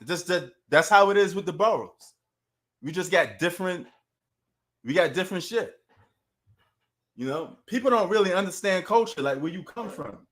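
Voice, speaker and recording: A man with a New York accent chats on a sports live stream, his voice pitched fairly high. He talks loosely and animatedly, leaning on street slang and addressing viewers in the chat. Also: lively intonation, normal speed, long pauses, fairly bright tone.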